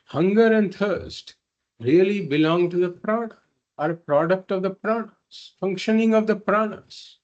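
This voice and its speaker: A man's voice: sits high, moderate pace, a little mellow, dull audio. A man teaching a spiritual philosophy class, explaining patiently and repeating points through simple examples. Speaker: Vedanta teacher.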